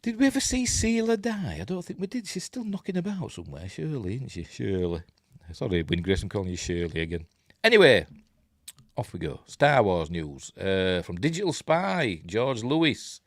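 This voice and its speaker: A man's voice: fairly low pitch, very animated, moderate pace, no room sound, studio quality. A man with a Yorkshire accent hosting a live news stream, reading articles aloud and mocking them in a chatty, sarcastic way. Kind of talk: casual live-stream commentary.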